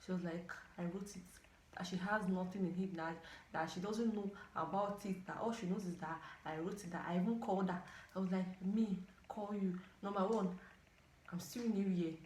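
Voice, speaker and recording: Nigerian woman in her twenties, lively storytime vlogger, roomy echo, faint hum behind. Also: on the low side, brisk. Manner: animated, dramatic outbursts and asides. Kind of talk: casual storytelling to camera. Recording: echoey room.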